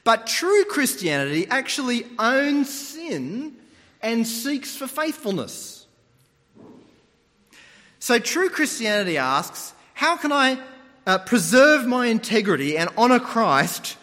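Lively high-voiced male preacher in a hall. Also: slow. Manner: animated storytelling, mimics voices. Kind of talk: sermon. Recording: long hall reverb.

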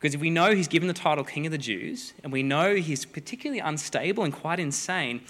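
A man preaching a sermon, a lively, joking storyteller who acts out the people in the story. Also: fairly high pitch, fast talker. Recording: long hall reverb.

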